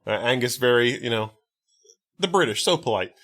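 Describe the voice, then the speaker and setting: A man's voice: medium pitch, expressive, normal speed, fairly bright tone. A man co-hosting a podcast, recapping a movie in casual chat with wry, profane asides and lots of fillers. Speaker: podcast co-host.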